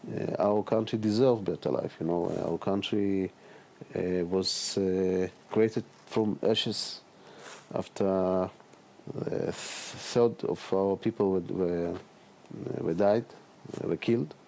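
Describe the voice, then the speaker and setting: A middle-aged man answering interview questions as a politician guest, speaking haltingly with many fillers and repeated words. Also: sits low, steady tone, mellow, slight background noise.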